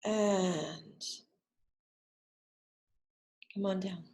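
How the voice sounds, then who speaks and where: A middle-aged woman leading a gentle guided relaxation lesson, speaking softly and soothingly, with whispered exhales between instructions. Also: medium pitch, fairly even intonation, drawn-out words. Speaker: wellness instructor.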